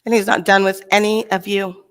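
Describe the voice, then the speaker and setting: A woman's voice: mid-range voice, a little fast. A middle-aged woman from Texas giving a motivational keynote speech on a conference stage, telling stories and acting out the voices of people in them. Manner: animated storyteller, acts out voices in quotes. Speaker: motivational speaker.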